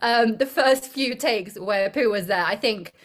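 A woman's voice: mid-range voice, measured pace. A young woman, an actress being interviewed, chatting casually, rambling and giggling often. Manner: giggly, rambling, self-deprecating.

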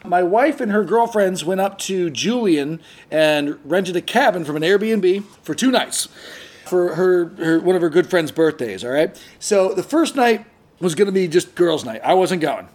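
A man with a fairly high voice tells a story on a casual podcast. He is animated, jumps into the voices of the people in the story, and trips over his words as he goes. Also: measured pace. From San Diego area. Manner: animated, acts out quoted voices, frequent restarts. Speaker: podcast host.

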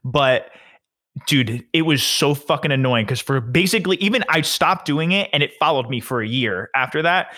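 A man's voice: mid-range voice, moderate pace. A young man co-hosting a podcast, telling stories in casual, profanity-laced chat. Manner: profane, animated storyteller. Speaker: podcast co-host.

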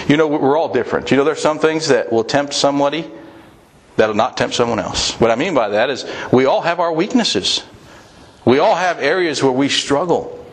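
A middle-aged man delivers a sermon in an earnest, conversational way, circling back and repeating phrases as he goes. His pitch sits in an ordinary middle range for a man. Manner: earnest, conversational preaching with repetitions. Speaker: pastor.

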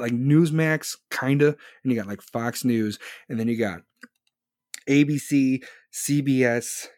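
A man's voice: mid-range voice, darkish tone, no room sound, clean studio sound. A man live streaming, answering his chat in a blunt, profane, rambling rant. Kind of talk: casual political rant.

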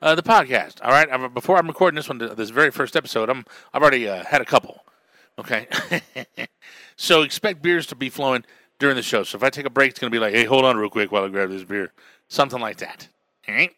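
A man from New Mexico who works as a radio DJ and comic, hosting his own podcast in a loud, profane, beer-drinking monologue. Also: medium pitch, fast, dry recording. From Albuquerque, New Mexico. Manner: loud, swearing, drinking beer while talking.

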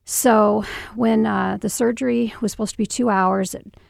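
A middle-aged mother in an interview, recounting a painful memory in a halting, emotional way with many restarts. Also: medium pitch, fairly even intonation, creaky, darkish tone, dry recording, studio quality. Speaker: guest, mother. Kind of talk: personal storytelling interview.

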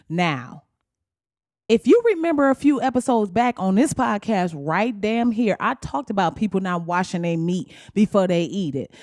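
A woman's voice: a little high, darkish tone, no echo, clean studio sound. A woman hosting her own podcast, ranting bluntly and profanely in a heated, casual way. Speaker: podcast host. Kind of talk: solo podcast rant.

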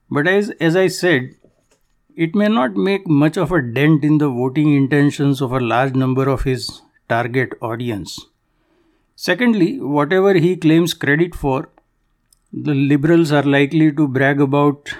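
A man from Canada delivering a formal, measured political commentary monologue with a dry, wry edge. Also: a little high, a little mellow.

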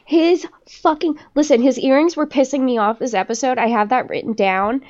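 A woman co-hosting a podcast, chatting casually in an animated, profane way and mocking people in exaggerated voices. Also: sits high, brisk, dull audio. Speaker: podcast co-host. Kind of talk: casual chat.

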